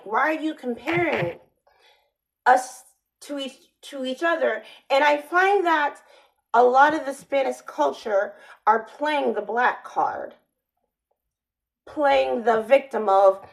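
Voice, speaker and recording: Slow-talking sardonic woman vlogger. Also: high-pitched, gravelly, rough recording. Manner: rambling, sardonic, with frequent restarts. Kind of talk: casual monologue vlog.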